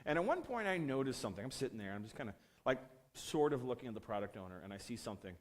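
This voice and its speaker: A man giving a conference talk, telling a work story in a casual, animated way and acting out the quoted lines. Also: medium pitch, rapid-fire. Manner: animated, acts out quotes with a swinging voice. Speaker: conference speaker.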